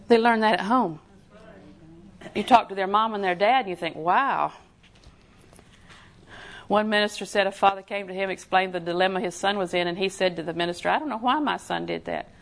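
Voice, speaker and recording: A woman preaching a sermon in a folksy, emphatic way, often putting questions to her listeners. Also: mid-range voice.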